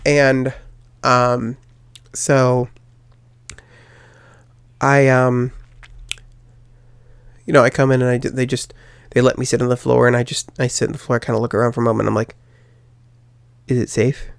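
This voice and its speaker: A young man tells a personal story on his podcast, rambling and circling back with frequent fillers and restarts. His voice carries a steady vocal fry at a middle pitch. The sound is dry and close, with no room around it. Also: unhurried, pauses often, no room sound. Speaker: podcast host.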